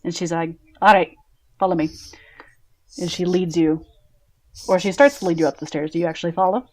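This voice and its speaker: A woman's voice: fairly low pitch, fairly even intonation, fast talker, darkish tone. A woman running a tabletop game as game master, narrating scenes in a casual, descriptive way with many fillers.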